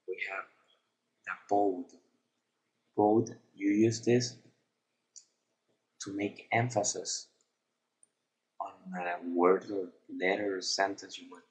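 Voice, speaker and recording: A man narrating a screen-recorded software tutorial, explaining each step in a plain, unhurried way. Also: low-pitched, rough recording.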